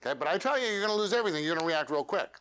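A man leads a live workshop for a meetup room, coaching in a direct, plain-spoken way. His voice sits somewhat high. He keeps ending his points with questions to the audience. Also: lively intonation, rapid-fire, fairly bright tone, clean tone. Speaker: featured speaker.

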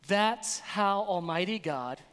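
High-voiced animated pastor in a reverberant hall. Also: male voice, takes it slowly. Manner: animated, playful, acts out voices. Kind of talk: energetic sermon. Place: church sanctuary.

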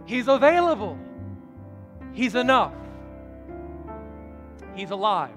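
High-voiced pastor preaching in a reverberant church. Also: male voice, expressive, normal speed, a bit bright, faint music behind. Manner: preacherly, rising to emphatic declarations. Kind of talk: sermon.

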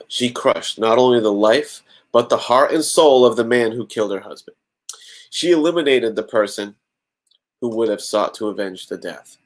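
A man hosting a podcast, reading a fan-written story aloud and breaking off for joking comments. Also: fairly low pitch. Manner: adds joking asides to the story. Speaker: podcast host.

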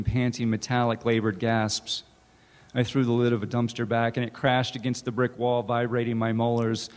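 Man, author reading his fiction, measured, mid-pitched, reverberant hall. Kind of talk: literary reading. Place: campus event hall.

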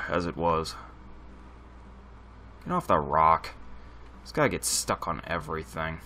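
A man's voice: very deep voice, very animated, takes it slowly, pauses often, pushed and bright. A man giving casual let's play commentary, thinking aloud and chatting to his viewers. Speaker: gaming channel host.

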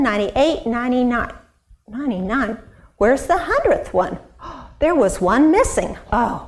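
A woman Sunday school teacher, expressively telling a Bible story to children and asking them questions. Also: fairly high pitch. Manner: animated, expressive, asks the kids questions.

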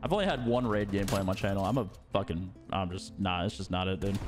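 A young man commenting on his own first-person shooter game play, excitable, mumbling when tense and yelling when things go wrong. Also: low voice, quick pace, hardly any pauses. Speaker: gaming YouTuber. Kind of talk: live gameplay commentary. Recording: game gunfire and music underneath. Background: game gunfire and music.

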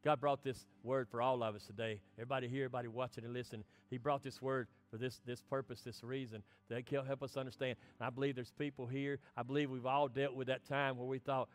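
A middle-aged man preaching a sermon as pastor, swinging between impassioned lines and soft, hushed ones. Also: medium pitch, little pitch movement, fast, few pauses.

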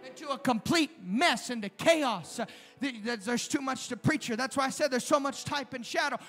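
A man preaching a live sermon in a church, impassioned and often shouting, at times dropping to a hush. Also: very high voice, moderate pace. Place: church sanctuary during a live service. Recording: long hall reverb with faint music.

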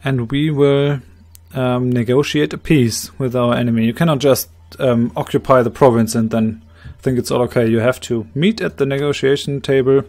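A man with a slightly hoarse voice calmly explaining his moves, thinking aloud in a strategy game let's play. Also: mid-range voice, normal speed, few pauses. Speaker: game commentator.

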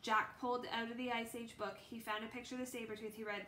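A woman's voice: fairly high pitch, little pitch movement, fast, pushed and bright. A woman reading a children's book aloud, unrehearsed, with small stumbles and restarts. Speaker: reader. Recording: echoey room, faint background noise.

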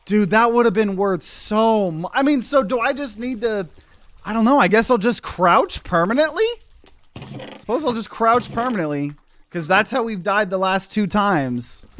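A man's voice: high voice, dry recording. A young man giving tense play-by-play commentary as he plays a video game. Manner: tense whispery play-by-play, bursts into yelling. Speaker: gaming YouTuber. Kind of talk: live gameplay commentary.

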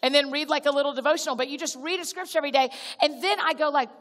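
A guest speaker at a church gathering, this woman has a somewhat high voice and delivers a chatty, direct conversational sermon rapid-fire with few pauses. She calls the crowd y'all, restarts sentences, and naturally acts out small prayers. Her voice carries the long reverb of a large church auditorium.

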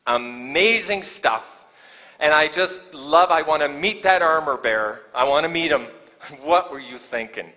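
A man's voice: on the high side, unhurried. A man preaching a sermon as a guest pastor, chatting one moment and fervent the next. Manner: conversational preaching, swings from hushed to fervent. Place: church sanctuary. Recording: long church hall reverb.

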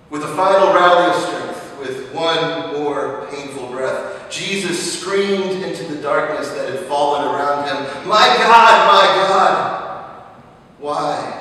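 A man's voice: mid-range voice, a little hiss or hum. Impassioned young male preacher in a chapel. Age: young adult. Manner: impassioned, slow, repeating questions, swelling then hushed. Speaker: seminary student preacher. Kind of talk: dramatic sermon. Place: large chapel. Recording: echoey chapel, mic far off.

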